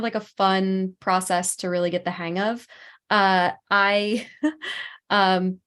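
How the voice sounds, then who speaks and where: A woman's voice: mid-range voice, fairly bright tone. A woman who works as an actress and voice-over artist, chatting as a podcast guest with frequent ums. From Philadelphia area. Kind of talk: casual interview chat.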